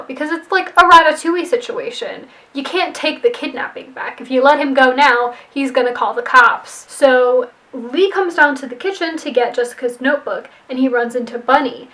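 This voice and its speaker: High-voiced chatty woman recapping a story. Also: normal speed, hardly any pauses, pushed and bright, poor audio. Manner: chatty, playful, wry asides. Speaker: screenwriter rewriting a movie plot.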